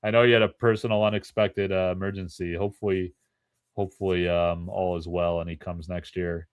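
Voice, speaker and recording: A man's voice: low voice, little pitch movement, brisk, smooth, dry recording, studio quality. Chatty man hosting a card break. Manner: rambling and chatty, laughs often between remarks. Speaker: host of a live card-pack break stream. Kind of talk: casual live-stream chat.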